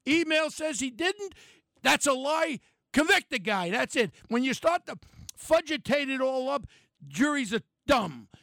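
Older New talk host, gravelly, high-pitched, blunt and ranting; dry close mic. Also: male voice, dry recording. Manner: blunt, angry, shouting at times. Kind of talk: opinionated talk radio rant.

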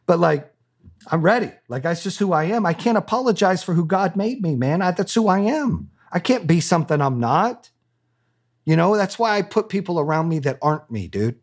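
A man's voice: high-pitched, animated, normal speed. A man being interviewed as a business owner, talking candidly in a blunt, profane and fired-up way.

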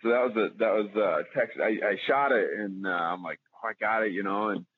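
A man's voice: on the low side, fairly quick, slightly rough. A man telling hunting stories as a podcast guest in a rambling, casual way, with lots of fillers and restarts. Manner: rambling, many restarts and fillers, animated when retelling. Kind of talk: casual storytelling. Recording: tinny phone-line audio.

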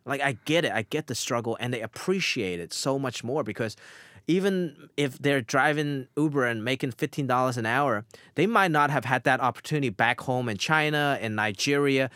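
A man's voice: mid-range voice, normal speed, fairly bright tone, no room sound, studio quality. A young man, an immigrant actor and author, answering interview questions earnestly with frequent fillers. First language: immigrant, grew up outside America.

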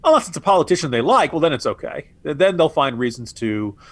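A man's voice: a little high, big pitch swings, quick pace, fairly bright tone, no echo. A man co-hosting a political podcast, sarcastic and exasperated, often stammering and restarting. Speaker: co-host.

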